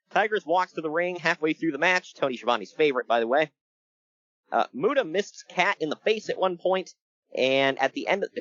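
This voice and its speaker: A man's voice: a little high, no room sound, highs cut off. A man co-hosting a casual podcast, joking and laughing as he recaps a wrestling show. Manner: joking, animated, laughs often. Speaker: podcast co-host.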